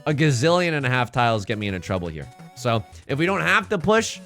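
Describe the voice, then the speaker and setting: A man's voice: mid-range voice, very animated, quick pace, a bit bright, soft background music. A young man streaming a tile game, chatting playfully and rambling to his chat as he plays. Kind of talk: casual game streaming commentary.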